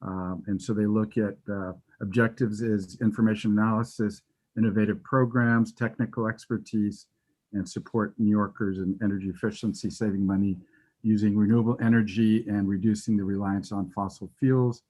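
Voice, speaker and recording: A man's voice: fairly low pitch, little pitch movement, moderate pace, a little mellow. A man giving a facilities presentation to a committee over a remote call, explaining steadily with some fillers. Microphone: remote call audio.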